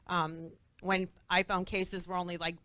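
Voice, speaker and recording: A middle-aged woman, a guest entrepreneur on a talk show, telling lively stories and acting out the voices of people she quotes. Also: on the low side, measured pace, no room sound. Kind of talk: animated storytelling on a talk show.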